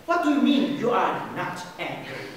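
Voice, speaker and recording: A woman's voice: medium pitch, sing-song, normal speed, muffled recording, lightly acted. An actress playing a prim young performer who soothes her partner in a patronizing way and then preaches earnestly. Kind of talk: amateur stage play. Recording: echoey hall from far off, noisy.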